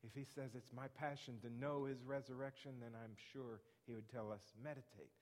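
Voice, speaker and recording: A man's voice: medium pitch, fairly even intonation, normal speed, darkish tone. Guy preaching a sermon in a church, earnest, repeats his questions, long echo in the hall. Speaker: pastor. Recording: reverberant hall.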